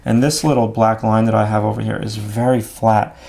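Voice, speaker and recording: A man explaining his drawing steps out loud as he works, in a relaxed, thinking-aloud way. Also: fairly low pitch, brisk, gravelly. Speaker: art instructor. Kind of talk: drawing demonstration.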